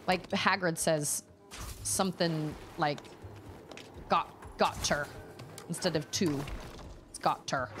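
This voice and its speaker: A young woman streaming a video game, chatting casually and thinking out loud as she plays. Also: on the low side. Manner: chatty, musing aloud, reading chat. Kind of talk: casual gameplay commentary.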